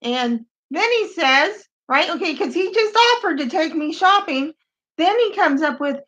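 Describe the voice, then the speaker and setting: A woman reading out strange dating-site messages in a comedic, deadpan way, with wry asides. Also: high voice, unhurried. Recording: dull lo-fi sound.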